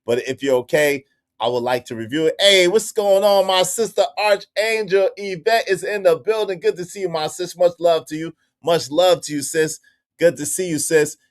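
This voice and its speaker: A man hosting a casual livestream, talking to his chat in an animated, repetitive way. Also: high voice, normal speed. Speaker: livestream host.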